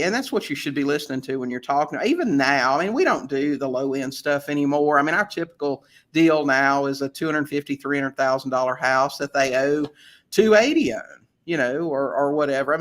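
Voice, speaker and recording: A man being interviewed as a real estate investor, telling anecdotes in a casual, lively way. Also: a little high, a little fast. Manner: chatty, animated anecdote-teller with frequent restarts. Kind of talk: casual storytelling in a podcast interview.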